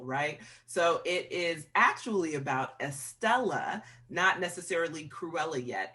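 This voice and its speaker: A film critic on a movie review roundtable, talking in a sassy, expressive way with playful asides. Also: medium pitch.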